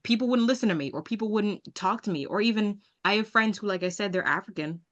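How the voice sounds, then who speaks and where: A woman from Jamaica with an American accent, hosting a casual interview and talking in an emphatic, animated way. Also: medium pitch, fast, lo-fi sound. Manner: emphatic, animated, laughs often. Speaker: podcast host.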